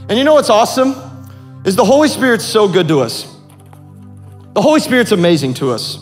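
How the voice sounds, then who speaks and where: High-voiced joking male preacher. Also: big pitch swings, soft background music. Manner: casual, joking preaching with quick asides. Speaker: pastor. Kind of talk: sermon.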